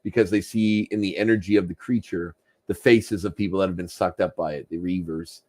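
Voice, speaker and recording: A man's voice: sits low, steady tone, a little fast, darkish tone. A man co-hosting a casual podcast, recapping a cartoon episode in a chatty way and laughing often. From Canada. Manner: chatty, laughs often, slips into jokey voices. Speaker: podcast co-host.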